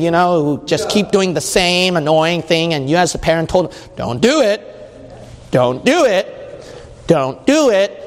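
A male preacher with a high voice delivers a sermon in a conversational style. He reads scripture passages aloud and keeps asking the congregation questions. A long reverb trails his words through the hall. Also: a little hiss or hum.

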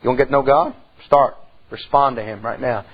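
A man's voice: mid-range voice, steady tone, fairly quick, breathy edge, highs cut off. A middle-aged man preaching a sermon in church, telling a folksy story and rising into emphatic calls to the congregation.

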